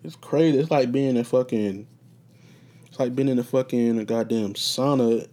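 A man's voice: medium pitch, normal speed, dark tone. A man hosting a casual solo podcast from his room, rambling and swearing freely as he tells stories. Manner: rambling, profane, laid-back storytelling. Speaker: podcast host.

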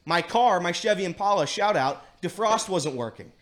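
A man's voice: high-pitched, animated, normal speed, fairly bright tone. A man from the Cincinnati area doing a rambling, self-mocking comedic weather segment.

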